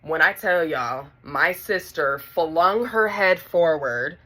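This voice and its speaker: Low, bright-voiced woman telling a story. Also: slow. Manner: animated, talks straight to viewers. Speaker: vlogger telling a personal story. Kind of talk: casual storytime.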